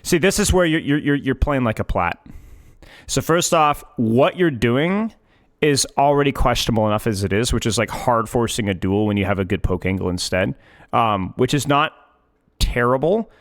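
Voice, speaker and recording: A man's voice: medium pitch, expressive, normal speed. Emphatic man coaching a game replay. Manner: emphatic, repeats his points several times. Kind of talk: coaching over a gameplay replay.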